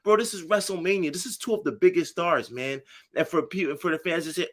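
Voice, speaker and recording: Male podcast co-host, higher voice, heated and profane. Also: lively intonation, brisk, a bit bright. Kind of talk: casual chat.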